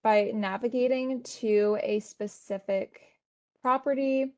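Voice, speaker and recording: Woman presenting a software walkthrough. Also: fairly high pitch, slow pace. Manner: steady explanatory tone with frequent fillers. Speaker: webinar presenter. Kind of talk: instructional webinar walkthrough.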